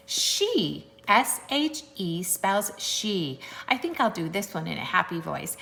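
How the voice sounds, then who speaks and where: Teacher lady spelling words out slow for little kids, kinda singsongy, bright voice. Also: mid-range voice, very animated. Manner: slow, sing-song spelling aloud with playful voices. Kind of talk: recorded sight-word lesson for young children.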